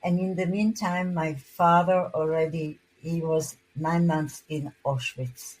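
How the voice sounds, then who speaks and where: A husky, fairly low-pitched older woman gives personal testimony. She speaks haltingly and often restarts her words as she recalls events. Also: fairly even intonation, a little mellow, poor audio. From Hungary. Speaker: interviewee.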